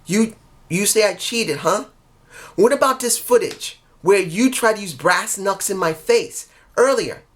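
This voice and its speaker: A man's voice: high voice, expressive, a little slow, fairly bright tone, pitched above the performer's own voice. A man voicing a proud, defiant female wrestler who taunts a rival in a mocking way. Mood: taunting. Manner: mocking, challenging.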